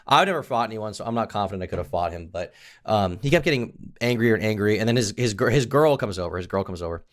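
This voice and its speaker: Low-voiced rambling profane streamer. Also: male voice, animated, fast talker. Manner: profane, rambling, lots of filler. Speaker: streamer host. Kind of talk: casual livestream commentary.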